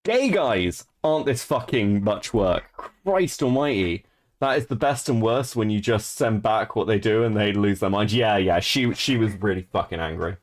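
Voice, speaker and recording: A man in his thirties with a slightly low voice gives loose, foul-mouthed commentary on internet drama from a home streaming setup. He is blunt and laughs easily, and he reads people's messages aloud in a mocking tone. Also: animated, moderate pace. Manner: profane, blunt, laughs often. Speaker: streamer and co-host. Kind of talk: casual commentary on online drama.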